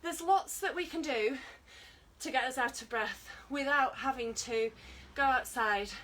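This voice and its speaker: British woman fitness instructor, high voice, breathless, coaching live; mic set back, faint hiss. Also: measured pace, fairly bright tone, distant mic, poor audio. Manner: encouraging, counting down and coaching while exercising. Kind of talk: online exercise class.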